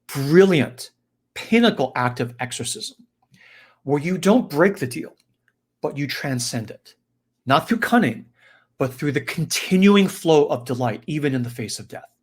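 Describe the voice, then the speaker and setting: A man giving a reflective spiritual talk in an animated, conversational way, often checking in with his listeners. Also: fairly high pitch. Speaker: spiritual teacher.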